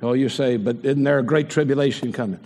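A man's voice: medium pitch, quick pace, mellow. An older man preaching a sermon and putting rhetorical questions to the congregation. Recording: long hall reverb.

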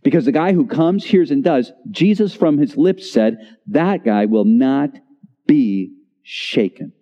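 A man in his sixties preaching a sermon in a church, with dramatic pauses and voice dropping low on key words. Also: expressive. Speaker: pastor. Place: church sanctuary. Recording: reverberant church hall, slightly dull.

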